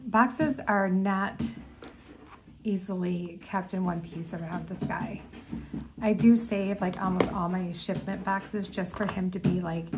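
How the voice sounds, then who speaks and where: Chatty woman with a mellow voice. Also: medium pitch, a little hiss or hum. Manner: chatty and homey, with frequent ums. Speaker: beading video host. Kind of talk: casual crafting tutorial chat.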